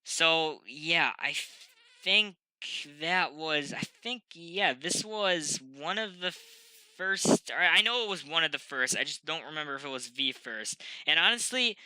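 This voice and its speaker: Young male reviewer with a stuffy nose, casual and rambly, bright voice, dead-dry close mic. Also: a little high, expressive, measured pace, smooth, no room sound, low-quality recording. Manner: rambling, frequent ums and self-corrections. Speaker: host of a review channel. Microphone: desk microphone.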